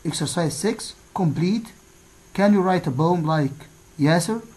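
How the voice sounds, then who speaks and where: A woman teaching an English lesson, reading out exercise answers one by one with pauses. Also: fairly low pitch, expressive, darkish tone, rough recording. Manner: slow, deliberate, pausing after each answer.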